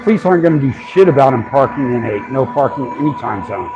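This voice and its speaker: A man's voice: mid-range voice, lively intonation, fast talker, lo-fi sound, music in the background. A man ranting on a casual livestream from a city sidewalk, irritated and swearing freely as he films. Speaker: street filmer livestreaming.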